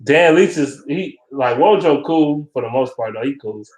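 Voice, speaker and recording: A man ranting casually and profanely about football, animated and blunt, as a vlogger. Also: mid-range voice, moderate pace. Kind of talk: casual sports rant. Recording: roomy echo.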